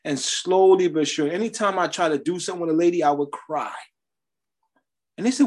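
A man's voice: on the high side, a little fast. Man preaching a personal testimony. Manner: testimonial, conversational preaching with emphatic rises. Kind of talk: sermon.

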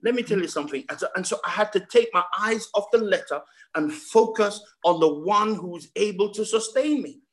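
A man's voice: high voice, expressive, fairly quick, a bit bright. A man, preaching a sermon over a video call. He repeats words, builds emphasis and keeps asking the congregation questions. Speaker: pastor.

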